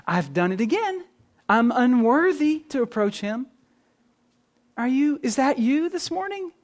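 A male pastor preaches a sermon earnestly and with animation, shifting between soft, low passages and emphatic, raised ones.

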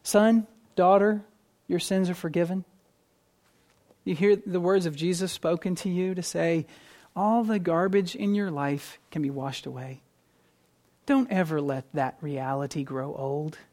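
Preacher mid-sermon; emphatic, shifts between punchy stresses and hushed asides, restarts phrases with repeated words. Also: medium pitch, a little slow. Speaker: pastor.

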